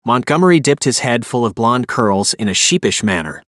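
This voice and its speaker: A male audiobook narrator telling the story in first person. His mid-pitched voice stays even and measured. The recording is dry and close. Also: no echo.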